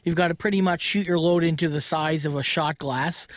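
A man with a high voice tells a crude story on his podcast, frank and animated. He talks into a studio microphone, and the sound is close and dry with no room echo. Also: a little fast. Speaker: podcast host. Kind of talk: casual comedic podcast chat. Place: recording studio.

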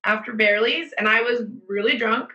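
A woman tells a story over a video call, giggling between her lines. Her voice is bright and forceful. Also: on the high side, brisk, lo-fi sound.

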